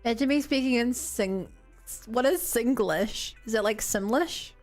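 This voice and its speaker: A woman's voice: a little high, normal speed. A young woman streaming a game, chatting casually and rambling as she reacts to chat. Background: game music.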